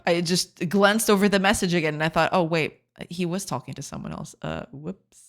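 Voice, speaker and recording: A woman game developer streaming live, chatting casually, explaining her work slowly and often restarting mid-sentence. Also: lowish voice. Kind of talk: casual livestream chat.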